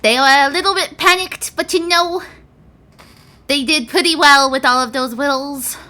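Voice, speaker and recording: A woman's voice: high-pitched, moderate pace, pushed and bright, voice pushed up. A woman voicing a small, cheeky male pseudo dragon who speaks in a chirpy, matter-of-fact way.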